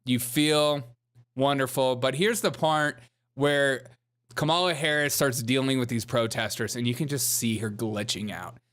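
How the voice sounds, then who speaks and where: A man's voice: mid-range voice, measured pace, a bit bright. A man hosting a political commentary show, talking sarcastically over clips with mocking, laughing asides.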